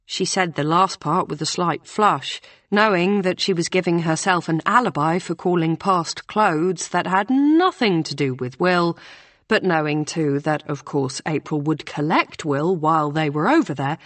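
A woman reading a novel aloud in measured scripted narration. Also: low voice, no room sound. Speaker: audiobook narrator.

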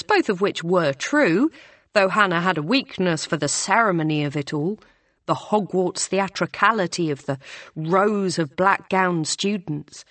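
A woman reading a novel aloud in an even, measured storytelling manner. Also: lowish voice, no room sound. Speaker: audiobook narrator. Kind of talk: scripted narration.

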